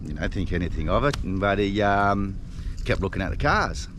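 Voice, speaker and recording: A man's voice: fairly low pitch, lively intonation, normal speed, fairly bright tone, slight background noise. An Australian man vlogging from his fishing boat, telling a rambling, self-deprecating story with frequent laughs. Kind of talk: casual storytelling to camera. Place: outdoors on a river boat.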